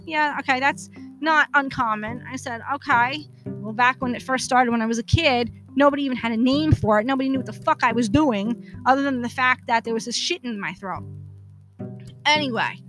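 A woman's voice: high-pitched, fairly bright tone, low-quality recording. A woman hosting a podcast, telling a long personal story in a blunt, exasperated way and swearing freely. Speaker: podcast host. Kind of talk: casual profane storytelling monologue.

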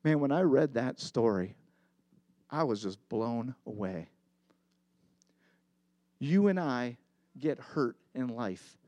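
A man's voice: medium pitch, lively intonation, takes it slowly, pauses often, mellow, no room sound, dull audio. A middle-aged man preaching a sermon as pastor, earnest and confessional, telling a story with emphatic repetition.

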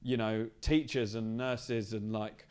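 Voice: mid-range voice, fairly even intonation, slow, darkish tone, clear, resonant tone. A non-binary comedian, a podcast guest in casual chat, talking thoughtfully with frequent restarts in a backstage green room. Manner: thoughtful, searching, many restarts.

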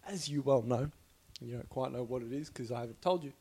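A man's voice: mid-range voice, a little fast, dark tone, a little hiss or hum. A young man talking casually and openly about his life, swearing often and laughing between thoughts. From Australia. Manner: swears a lot, laughs often, rambling and candid. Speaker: podcast host. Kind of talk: casual personal monologue.

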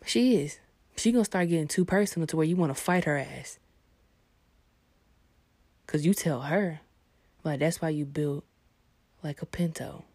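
A young woman with a slightly low voice runs a comedic rant straight at her audience. She swears freely and talks bluntly, sinking into hushed asides before bursting out loud. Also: normal speed, pauses often, dry recording. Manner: profane, blunt, swings between hushed asides and loud outbursts. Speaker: vlogger.

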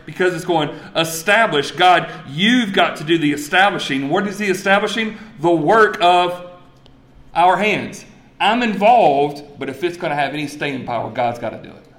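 Animated man preaching in a roomy church. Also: fairly high pitch, normal speed. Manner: animated storytelling, swings from loud excitement to quiet emphasis. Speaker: pastor. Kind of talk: sermon. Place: church sanctuary.

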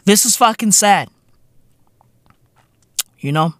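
A podcast host from South Africa talking in a casual, profane monologue, full of slang fillers and emphatic repetition. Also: male voice, high-pitched, sing-song, slow pace, a bit bright, dry recording, clean studio sound.

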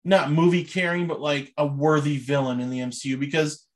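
A man's voice: fairly high pitch, fairly even intonation, a little fast. A young man chatting casually as a podcast host, rambling and enthusiastic with many fillers. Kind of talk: casual chat.

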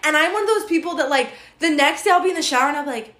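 A young woman in her twenties chats on a podcast in a slightly high voice, laughing often and acting out little quotes. She gets loud when she's excited. The room around her is echoey. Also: racing. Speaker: podcast co-host. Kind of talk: casual chat.

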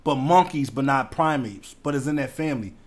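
A man in casual chat, telling stories loudly and animatedly, laughing often. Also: medium pitch, brisk. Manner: loud, animated storytelling with frequent laughter and profanity.

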